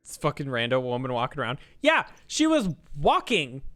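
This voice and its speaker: A man's voice: medium pitch, wildly swooping pitch, normal speed, fairly bright tone. A man streamer telling a story in a casual, ranting way, swearing a lot.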